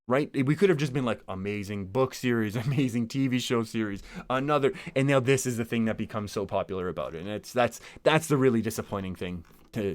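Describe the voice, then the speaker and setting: His voice is medium in pitch with a darkish tone, recorded dry, as he hosts his own podcast. The talk is casual and wandering, peppered with restarts and little chuckles.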